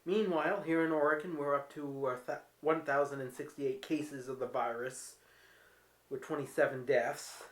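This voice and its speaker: His voice sits on the high side, with fairly even intonation and normal speed. Vlogging casually from home, the man shares stories with candid, self-deprecating wit, and the room around him is spacious and echoey.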